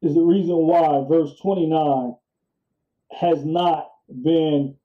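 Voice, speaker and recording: A man preaching in a sermon-style talk, slow and deliberate, often repeating his key phrases. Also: fairly high pitch, steady tone, lo-fi sound.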